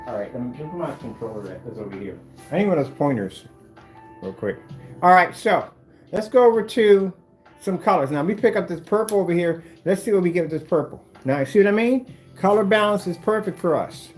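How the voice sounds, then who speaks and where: A man demonstrating projector screen paint in a combative, animated way, talking straight to his critics. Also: sits high, brisk, breathy edge, soft background music. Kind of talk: product demonstration rant.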